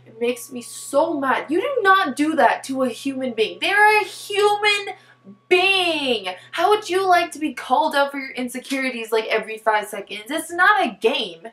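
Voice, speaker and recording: Excitable chatty woman, roomy echo. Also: sits high. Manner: excitable and rambling, heavy use of "like". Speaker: book reviewer. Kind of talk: casual book talk vlog. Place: top-floor apartment at home.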